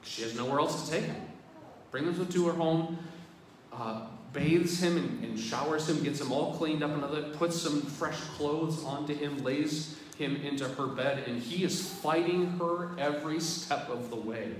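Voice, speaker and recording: A man's voice: on the high side, measured pace. A man, a priest, giving a sermon in a conversational way and speaking straight to the congregation. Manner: conversational, addresses the congregation directly. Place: large church. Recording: very echoey church, distant mic, background noise.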